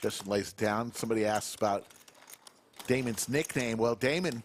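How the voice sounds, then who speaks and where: A man's voice: on the low side, moderate pace, slight background noise. A man doing live poker commentary, playfully telling stories about the players at the table.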